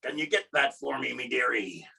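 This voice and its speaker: A man putting on a gruff old-time male pirate voice, growling "arr" and dropping his grammar, recorded from some distance. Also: medium pitch, lively intonation, moderate pace, bright, forceful tone, heavily acted. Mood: playful.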